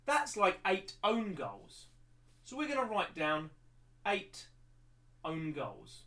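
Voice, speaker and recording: A man's voice: high voice, wildly swooping pitch, slow, pushed and bright, far from the mic. A man with an English accent teaching a livestreamed maths lesson, rambling with many restarts and repeated words.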